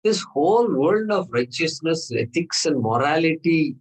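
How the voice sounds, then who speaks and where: A man's voice: a little high, expressive, measured pace, rough recording. A man teaching a scripture class, explaining patiently and repeating phrases, with Sanskrit terms mixed in.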